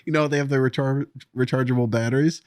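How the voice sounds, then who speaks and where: A man's voice: medium pitch, fairly even intonation, fast, darkish tone, smooth, no room sound, studio quality. A young man co-hosting a comedy podcast, laughing and teasing in casual banter. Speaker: podcast co-host.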